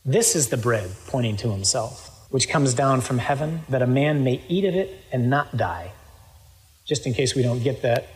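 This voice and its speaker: A man preaching a sermon, reading scripture aloud and breaking off into lively, emphatic asides. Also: mid-range voice, normal speed, in a large hall, low-quality recording. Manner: lively, quoting scripture with sudden loud asides.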